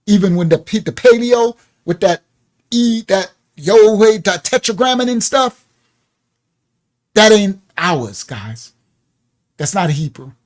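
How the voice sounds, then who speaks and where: Male livestream teacher, unhurried, emphatic, conversational, fond of rhetorical questions. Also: fairly high pitch, darkish tone. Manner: emphatic, repeats words, asks rhetorical questions; chatty, addresses viewers by name. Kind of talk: live-streamed religious teaching.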